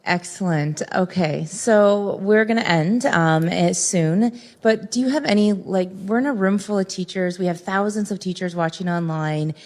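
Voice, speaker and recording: A woman's voice: mid-range voice, moderate pace, few pauses, a little mellow. A woman hosting a live question-and-answer session with teachers in the room and online. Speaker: event host and moderator. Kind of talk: moderating a live Q&A.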